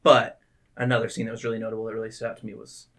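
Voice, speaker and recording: A man co-hosting a casual movie podcast, swearing often and animated, jumping into voices when he quotes scenes. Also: on the low side, rapid-fire. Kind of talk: casual chat.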